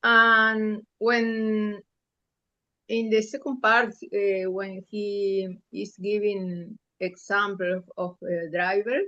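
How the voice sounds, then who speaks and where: Student lady on a call, slow halting answer, bright voice. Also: mid-range voice, level tone, muffled recording. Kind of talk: class discussion.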